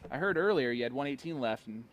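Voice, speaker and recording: A man's voice: mid-range voice, expressive, quick pace, highs cut off, a little hiss or hum. Playful man calling darts. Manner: playful, teasing banter with a young guest. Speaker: darts commentator. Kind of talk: casual live-stream commentary.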